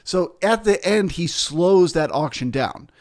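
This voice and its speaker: A man's voice: sits high, lively intonation, unhurried, a little mellow. A man teaching as a futures trader, explaining the market through rhetorical questions and frequent "right?" and "okay?" check-ins. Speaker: futures trader and trading educator.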